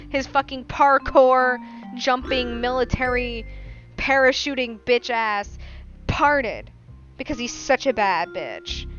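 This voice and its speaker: A woman rambling through a casual book review podcast in a profane, animated way, recorded on a lo-fi home mic. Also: fairly high pitch. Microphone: non-professional mic. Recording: lo-fi home mic, faint music.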